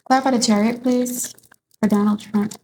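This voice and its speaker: Tarot reader, woman, mellow and gravelly, rambling casual delivery. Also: on the high side, fairly even intonation, moderate pace, a little hiss or hum. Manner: rambling, with many restarts.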